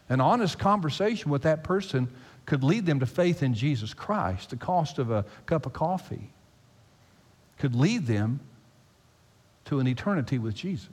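A man preaching a sermon as pastor, emphatic and animated, repeating phrases for effect. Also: fairly high pitch. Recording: long hall reverb.

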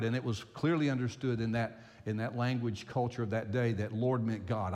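A man's voice: mid-range voice, fairly quick, few pauses. An older man, a pastor, preaching a sermon and telling a personal story, repeating phrases for emphasis. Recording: long hall reverb.

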